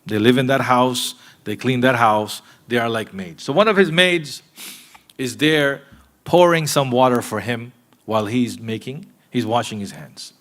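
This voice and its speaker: A man preaching a sermon in a mosque, earnest and direct with his listeners, moving between emphatic points and hushed asides. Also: mid-range voice, measured pace. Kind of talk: sermon to a live congregation.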